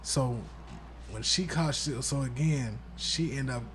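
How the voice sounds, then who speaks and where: A man co-hosting a podcast who retells a story in a quick, profane, casual way. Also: medium pitch, fairly bright tone, slight background noise. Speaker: podcast co-host. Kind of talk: casual chat.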